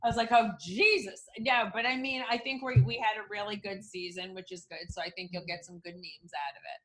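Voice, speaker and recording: A woman hosting a podcast in casual chat, blunt and gossipy, telling stories with lively quoted asides and the odd swear word. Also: mid-range voice, fairly quick. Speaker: podcast host.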